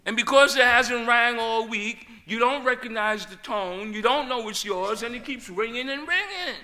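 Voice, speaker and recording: A man preaching a sermon, swinging between loud, emphatic shouts and quiet, low asides. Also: normal speed. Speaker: pastor.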